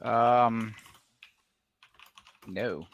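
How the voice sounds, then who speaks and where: Slow, hesitant male player. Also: mid-range voice, fairly even intonation. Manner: hesitant, drawn out with ums. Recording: dull lo-fi sound.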